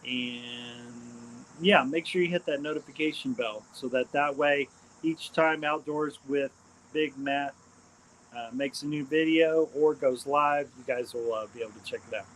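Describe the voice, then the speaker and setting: Casual live-stream host, male, medium pitch, rambling and hesitant, keeps repeating plugs. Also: measured pace, fairly bright tone, slight background noise, rough recording. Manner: hesitant, frequent ums and uhs.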